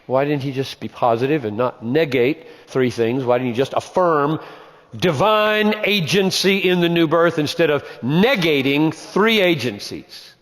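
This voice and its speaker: A man's voice: a little high, expressive, unhurried, in a large hall. A man teaching the Bible, emphatic, repeating key phrases and posing rhetorical questions.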